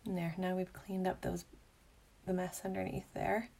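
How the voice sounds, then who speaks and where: Chatty woman with a gravelly edge. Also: lowish voice, flat delivery, moderate pace. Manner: bubbly, chatty, drops into soft whispers at times. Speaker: makeup tutorial host. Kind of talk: casual makeup tutorial chat.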